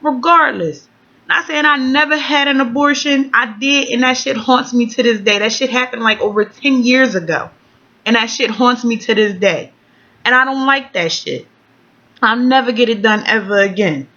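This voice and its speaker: A woman's voice: on the high side, moderate pace, sharp tone, muffled recording. Blunt, foul-mouthed woman vlogger. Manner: blunt, outspoken, heavy swearing. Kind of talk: casual venting vlog. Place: at home.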